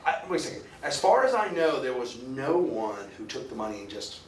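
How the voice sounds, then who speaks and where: A man's voice: medium pitch, big pitch swings, brisk, a little hiss or hum. A man giving a chatty, jokey classroom lecture and asking his class questions. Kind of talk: classroom lecture with student discussion. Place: lecture hall. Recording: echoey lecture hall from far off.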